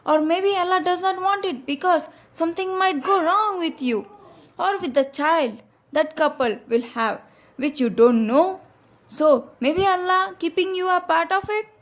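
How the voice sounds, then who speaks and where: A woman giving a religious advice talk, earnest and direct, repeating her key points to her listeners. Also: high voice. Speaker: Islamic speaker.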